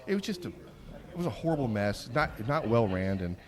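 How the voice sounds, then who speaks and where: A man hosting a barbecue podcast, telling stories in a casual, rough-spoken, rambling way with lots of restarts. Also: medium pitch, sing-song, moderate pace, crowd noise. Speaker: podcast host. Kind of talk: casual chat. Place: on location at a barbecue trade conference.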